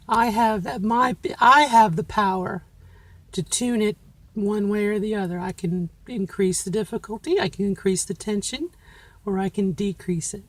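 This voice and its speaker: In a dry recording, this vlogger talks to viewers at a medium pitch. She's a middle-aged woman giving a casual, reflective monologue, candid and self-encouraging, using a trained feminine voice she places with care.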